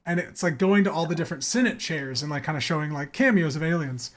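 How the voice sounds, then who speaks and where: A man's voice: on the high side, fast talker. A young man co-hosting a gaming podcast in casual, rambling chat, leaning on lots of fillers. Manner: rambling, filler-heavy, enthusiastic. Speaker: podcast co-host.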